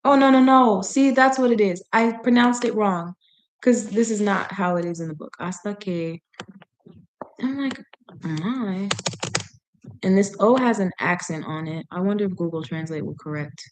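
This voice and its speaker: A woman's voice: mid-range voice, moderate pace, slight background noise. A woman practicing reading aloud in a language she is learning, chatting as she goes, often laughing and stopping to puzzle over words. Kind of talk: casual reading practice with commentary.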